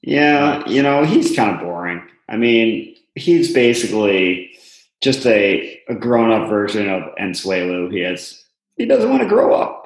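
A man's voice: lowish voice, very animated, a little slow, reverberant, low-quality recording. A man co-hosting a podcast, chatting casually with dry, wry remarks. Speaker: podcast co-host. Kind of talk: casual chat.

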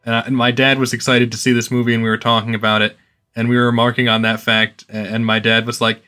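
A man's voice: medium pitch, flat delivery, quick pace, pushed and bright. A man co-hosting a podcast in casual chat, talking in a dry, hesitant, wry way. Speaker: podcast co-host.

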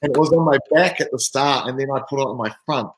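A man, a rugby player guest telling an animated story in casual chat. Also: mid-range voice, fast talker. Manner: lively, animated anecdote-telling. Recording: roomy echo.

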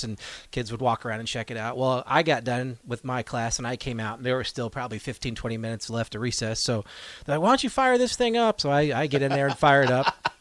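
A man's voice: mid-range voice, no echo. Laughing man telling a story. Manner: animated storyteller, laughs often. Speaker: guest, local stock car racer and teacher. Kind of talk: casual radio chat, storytelling. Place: radio studio.

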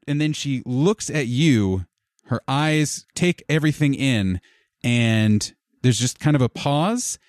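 A man narrating as game master of a tabletop game, describing scenes in a relaxed, rambling way with fillers. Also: medium pitch, slow, no room sound, clean studio sound.

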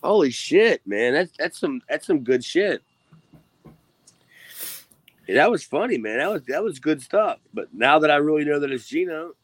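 Laid-back ex-wrestler guest, dry sound. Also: male voice, a little high, big pitch swings, normal speed, pauses often, husky, dry recording. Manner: rambling, laughing, lots of restarts and cussing. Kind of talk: casual chat.

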